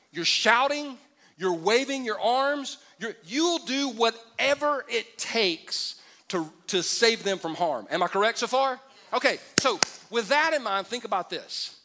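A man's voice: high voice, pushed and bright. A man preaching a sermon as pastor, conversational and humorous, asking the congregation for responses. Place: church auditorium.

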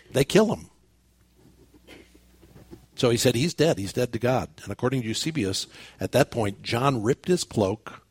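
A man's voice: mid-range voice, no room sound. An older man, a pastor, preaching a sermon and telling a story with quoted dialogue and repeated phrases.

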